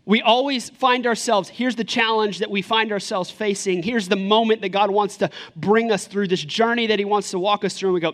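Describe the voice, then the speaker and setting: A man in his thirties, a pastor preaching a sermon in a lively, conversational way, full of rhetorical questions. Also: sits high, fairly quick, few pauses.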